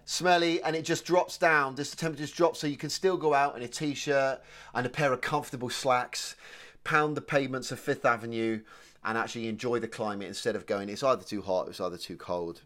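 A man's voice: mid-range voice, steady tone, fairly quick, fairly bright tone. A man from England with a British accent, co-hosting a podcast in a chatty, matey way. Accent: British English. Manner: chatty, matey, says "mate" a lot. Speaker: podcast co-host. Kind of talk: casual chat.

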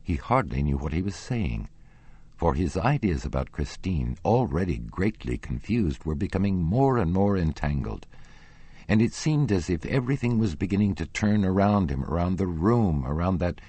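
A man reading a classic novel aloud as an audiobook narrator, with a measured, expressive delivery. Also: low voice, husky, dry recording.

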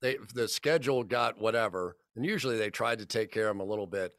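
A man's voice: fairly low pitch, fast talker, fairly bright tone, no echo, studio quality. A man in his fifties, a football broadcaster, telling rambling anecdotes on a podcast and acting out the dialogue. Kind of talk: casual podcast storytelling.

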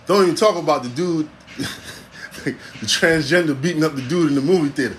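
A man in his forties delivering a casual comedic monologue, animated, preachy and full of profanity. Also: on the high side, fairly quick, a little hiss or hum. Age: 40s.

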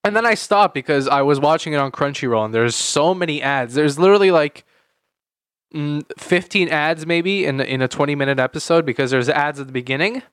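A man's voice: a little high, fairly quick, fairly bright tone, clear, resonant tone, no room sound, studio quality. A young man in his late teens, co-hosting a casual chat podcast, rambling with lots of fillers and repeated words. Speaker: podcast co-host.

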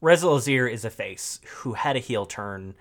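A man co-hosting a casual podcast, talking through game lore with halting, filler-heavy speech. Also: medium pitch, lively intonation. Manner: halting, many fillers, thinks aloud. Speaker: podcast co-host.

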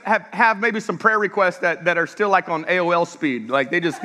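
A man's voice: sits high, a little fast, few pauses, sharp tone. A man preaching a sermon as pastor, telling funny stories and throwing questions out to the congregation. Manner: humorous, storytelling, engages the audience with questions. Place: church sanctuary. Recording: echoey church hall.

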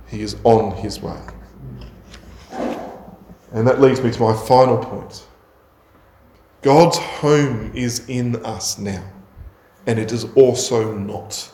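A man of middle pitch preaching slowly and deliberately, stacking up phrases in steady repetition. His voice rings in a noticeably echoey room. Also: slight background noise. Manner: slow, measured preaching with emphatic repetition. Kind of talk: sermon.

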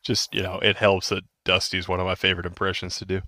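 A man's voice: low voice, completely flat delivery, quick pace, sharp tone, no room sound, clean studio sound. A man in his thirties co-hosting a podcast, rambling casually with restarts and laughs. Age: 30s. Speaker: podcast co-host. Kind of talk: casual chat.

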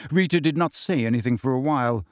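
A man's voice: medium pitch, quick pace, no echo, clean studio sound. A man reading a novel aloud as narrator. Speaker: audiobook reader. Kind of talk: scripted narration.

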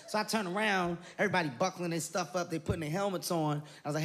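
A male comedian telling a story on stage, animated and breaking into shouted quotes. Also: high voice, quick pace, hardly any pauses. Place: comedy stage before an audience.

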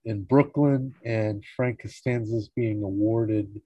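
A man hosting a show, casually recapping a sitcom episode in a relaxed way, acting out the lines and chuckling often. He is recorded close on a mic with a dull, lo-fi sound. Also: lowish voice, slow pace, slightly rough, no echo.

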